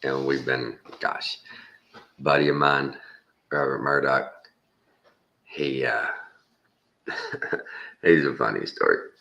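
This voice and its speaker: A man's voice: very deep voice, takes it slowly, vocal fry, pauses often, sharp tone. A Texan man in his fifties telling a rambling, folksy story with frequent chuckles. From Texas. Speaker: vlogger. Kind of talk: casual storytelling.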